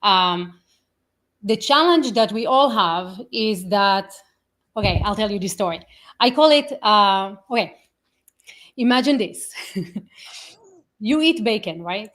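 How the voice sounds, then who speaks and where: A woman guest in a casual interview, telling stories with lively acted-out quotes and frequent laughs. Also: mid-range voice, takes it slowly, pauses often. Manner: animated storyteller, acts out quotes, laughs often.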